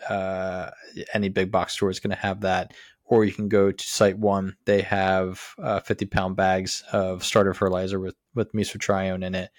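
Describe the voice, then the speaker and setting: A man co-hosting a lawn care podcast, explaining steps in a relaxed way with many fillers. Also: deep voice, moderate pace, no room sound, clean studio sound. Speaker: podcast co-host. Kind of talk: casual how-to chat.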